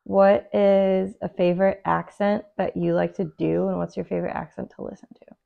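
Gravelly-voiced woman hosting a podcast. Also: mid-range voice, flat delivery, narrow, tinny audio. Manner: blunt, swears casually, asks quick questions. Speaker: podcast host. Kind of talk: casual interview chat.

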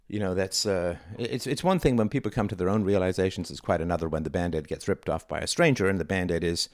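A man's voice: sits low, brisk, no room sound, clean studio sound. A middle-aged man, hosting his own show, talking through ideas in a reflective, conversational and sometimes emphatic way. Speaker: podcast host. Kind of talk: solo monologue.

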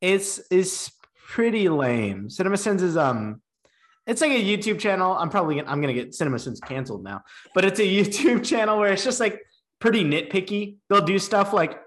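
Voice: mid-range voice, very animated, brisk. A podcast co-host in laid-back casual chat, joking and laughing often.

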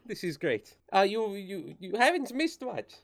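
A man's voice: high voice, big pitch swings, creaky, no room sound, voice pushed up, heavily acted. A man putting on a cheery flight instructor with a goofy accent. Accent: exaggerated, wobbly comic French-German accent. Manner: halting, many "uh"s, formal phrasing. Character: upbeat, overly cheerful male flight instructor.

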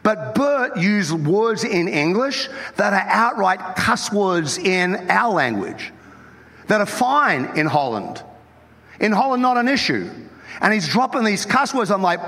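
A man with an Australian accent, the lead pastor, preaching an animated, joking sermon. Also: high voice, normal speed. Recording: long hall reverb.

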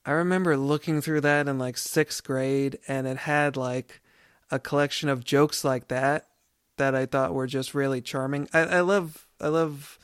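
A man's voice: mid-range voice, fairly even intonation, unhurried, smooth, no echo, clean studio sound. A man in his thirties co-hosting a podcast, chatting casually with lots of fillers and laughs. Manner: rambling, laughs often, many fillers. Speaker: podcast co-host. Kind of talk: casual chat.

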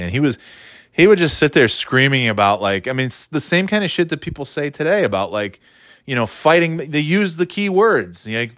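A man's voice: medium pitch, big pitch swings, a little fast, fairly bright tone, no room sound, clean studio sound. Profane, rambling male podcast host. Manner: rambling, sarcastic, swears a lot. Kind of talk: casual profane rant.

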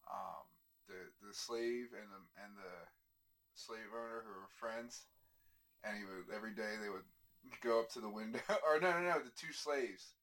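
A man's voice: on the low side, fairly bright tone. Rambling man spinning a comedy bit. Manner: rambling storyteller, halting with many fillers and chuckles. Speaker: comedy podcast co-host. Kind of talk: casual comedic chat.

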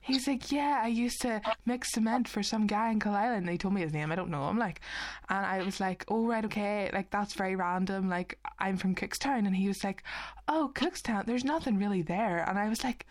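A woman's voice: medium pitch, a little fast. A Northern Irish woman in her twenties co-hosting a podcast, telling stories in casual chat and acting out what others said. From Northern Ireland. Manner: animated storytelling, acts out quoted voices. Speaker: podcast co-host.

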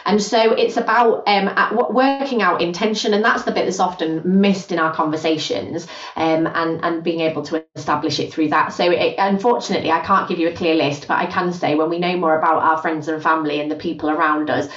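A woman, a guest on a podcast, talking in a lively conversational way and acting out quoted voices. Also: on the low side, fairly quick. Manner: animated, acts out quoted voices. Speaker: podcast guest, gender justice specialist. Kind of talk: conversational interview. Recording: roomy, distant, dull podcast audio.

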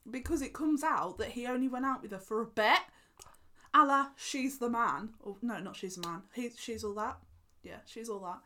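A woman's voice: on the high side, normal speed, pushed and bright. A young woman chatting casually on a podcast, giggling often and acting out quotes in little voices. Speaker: podcast co-host. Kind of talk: casual chat.

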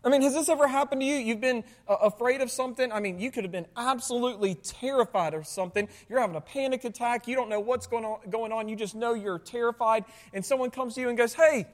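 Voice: mid-range voice, fast, few pauses. A pastor preaching a sermon to a congregation, asking them rhetorical questions and adding sarcastic asides. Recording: long hall reverb.

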